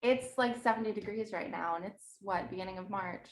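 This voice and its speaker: A woman's voice: mid-range voice, brisk, reverberant. A woman in her thirties, originally from New Jersey, chatting as a podcast guest and laughing often as she tells stories. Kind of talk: casual chat.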